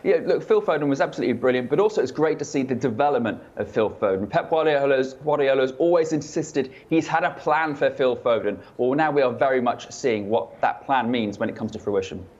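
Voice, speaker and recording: A man chatting as a football reporter on a panel, animated and joking, with emphatic points. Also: medium pitch, brisk, hardly any pauses, highs cut off. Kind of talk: studio panel chat.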